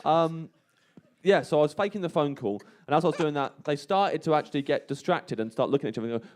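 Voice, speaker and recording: A man telling a comic story to a live audience, rambling and self-deprecating, often laughing and dropping to a hushed, tense voice for scared moments. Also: a little high, quick pace. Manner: hushed and tense when re-enacting fear. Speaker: comedian guest telling a story. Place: live venue on stage.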